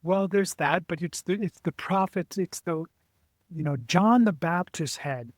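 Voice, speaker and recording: A middle-aged man, a guest on an interview show, telling stories in a lively way, acting out other people's voices and often restarting his sentences. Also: high-pitched, no room sound. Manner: animated storyteller who acts out quoted voices, halting restarts. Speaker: guest, adventurer and author. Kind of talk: casual storytelling interview.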